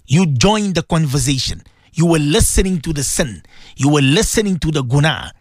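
A man's voice: on the high side, animated, normal speed, dry recording, clean studio sound. A man giving a radio sermon as a preacher and host, emphatic, repeating his phrases and asking rhetorical questions.

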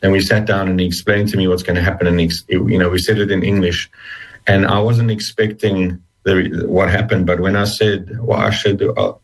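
A middle-aged man being interviewed, telling his story earnestly with halting restarts, emotional and close to tears. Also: sits low, little pitch movement, poor audio. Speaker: interview guest. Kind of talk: personal testimony in an interview.

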